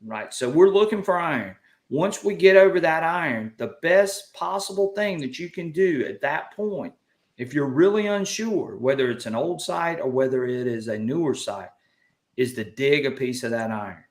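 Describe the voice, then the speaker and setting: A man's voice: on the high side, animated, normal speed, roomy sound. A man with a Southern US accent hosting a casual live chat, folksy and upbeat as he reads out viewer comments. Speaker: livestream host.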